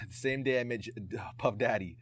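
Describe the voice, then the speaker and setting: A young adult man, a guest on a podcast, telling stories in an animated, slangy way and acting out what people said. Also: mid-range voice, moderate pace. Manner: animated, acts out quotes, slangy. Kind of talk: casual storytelling chat.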